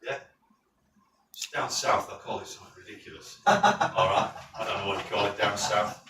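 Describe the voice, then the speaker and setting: A man with a northern English accent teaching a safety course, chatty and quizzing his class with quick questions. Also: lowish voice, sharp tone. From North of England. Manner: chatty, asks the class questions and checks in with "right?". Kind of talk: classroom lecture with anecdotes. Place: training classroom. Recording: roomy, distant mic with faint noise.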